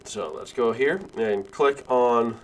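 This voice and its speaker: A man instructor giving a screen-recorded software tutorial, explaining each click step by step and correcting himself along the way. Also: mid-range voice, takes it slowly. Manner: steady step-by-step walkthrough, self-correcting.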